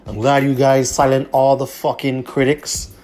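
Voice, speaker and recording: A man's voice: medium pitch, completely flat delivery, moderate pace, darkish tone, soft background music. A man hosting his own podcast, talking in a blunt, profane, repetitive way. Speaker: podcast host. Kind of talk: casual monologue.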